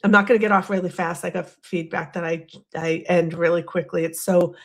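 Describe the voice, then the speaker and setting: Here a Boston-accented woman runs a laid-back livestream, talking in a rambling, self-deprecating way. She speaks briskly with a fairly low, gravelly voice and fairly even intonation.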